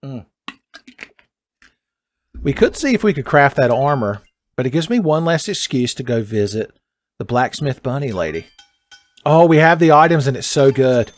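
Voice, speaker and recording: Man, let's play host, playful game commentary, mid-pitched voice. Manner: joking, quick pitch jumps when excited. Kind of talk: casual gameplay commentary.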